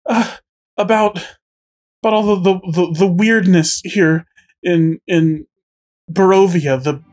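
A man voicing a terrified female hobgoblin prisoner who pleads in a high, frantic voice. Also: fairly even intonation, slow, a little mellow. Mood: pleading.

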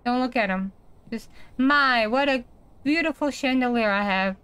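A young woman playing through a horror game and commentating casually. Her voice is fairly high. She chats to herself in a jumpy, easily startled way. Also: moderate pace, a bit bright, smooth. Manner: chatty, jumpy, talks to herself. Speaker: gaming streamer.

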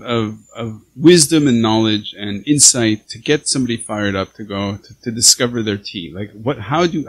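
A man hosting a podcast interview over a video call, talking in halting, restarting phrases that turn animated when he gets excited. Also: medium pitch, husky, rough recording. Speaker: podcast host. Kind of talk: casual interview conversation.

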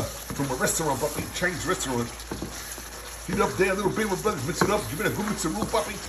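Male food vlogger, slightly high voice, excitable and chuckling, phone mic in a noisy frying kitchen. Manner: excitable, laughs often, keeps calling viewers brothers and puppy. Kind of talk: casual cooking and tasting vlog. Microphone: phone camera.

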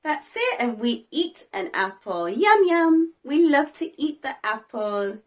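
A young woman teaching toddlers, talking in a slow, sing-song way with big gasps and cheerful praise. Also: fairly high pitch, animated. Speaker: children's teacher. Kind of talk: toddler learning video.

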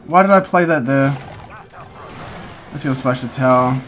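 Young male gaming creator, mid-pitch, thinking aloud through matches, easily riled, faint music bed. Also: fairly bright tone. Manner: talks to himself while playing, quick swings into frustrated outbursts. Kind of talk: live gameplay commentary.

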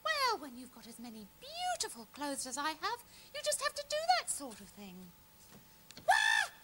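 A woman's voice: high voice, wildly swooping pitch, fairly quick, very noisy. A woman voicing a vain, chatty female panda puppet in a children's TV comedy. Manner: chatty and fussy.

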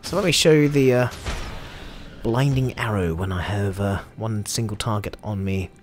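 A man's voice: fairly low pitch, normal speed, slight background noise. Chatty Australian man narrating gameplay. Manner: chatty, jokey, excitable. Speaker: gameplay video host. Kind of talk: casual gameplay commentary.

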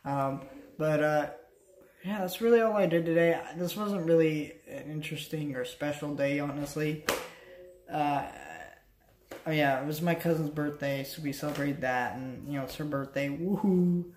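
Late at night at home next to the couch, a weary young adult vlogger chats in a steady, slightly mellow mid-range voice at a moderate pace. There's a little background noise and a spacious echo, and the talk meanders with self-mockery and lots of restarts.

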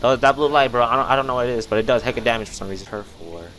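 A man's voice: mid-range voice, racing, a bit bright, slight background noise. A young man giving casual, jumpy commentary while playing a game, often startled and calling everyone "bro". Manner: jumpy, easily startled, says "bro" constantly. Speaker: gaming youtuber.

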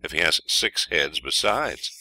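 A man's voice: a bass voice, expressive, a little slow, pushed and bright, dry recording, heavily acted. A man voicing a stubborn, fearless young lad in a storybook, talking bluntly and defiantly.

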